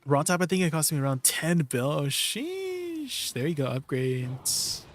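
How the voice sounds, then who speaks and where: A man's voice: on the high side, moderate pace, slight background noise. Laid-back man chatting on a game stream. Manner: laid-back, chatty, greets viewers and answers chat. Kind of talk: casual live-stream chat.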